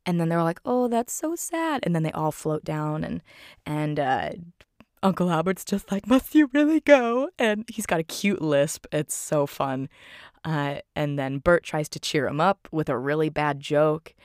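A woman's voice: deep voice, steady tone, measured pace, dry recording, clean studio sound. A woman recapping a film in a casual, enthusiastic way, full of fillers and "like".

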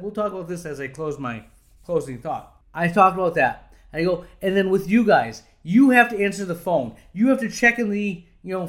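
Male podcast host, slightly higher pitch, emphatic and earnest solo talk. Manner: earnest and fired up, building emphatically on repeated points. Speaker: podcast host, eye doctor.

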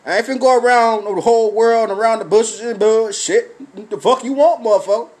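High-voiced man in a profane rant. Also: fairly quick. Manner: swears constantly, blunt and animated; breaks into laughs while telling a story. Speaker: storyteller.

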